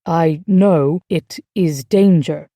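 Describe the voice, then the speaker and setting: A weak, shy young British airman, as a woman reads him, halting through broken French, slow and soft, pitched lower than the narration. The voice is mellow and dry. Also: no room sound, full character voice. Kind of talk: audiobook character voice.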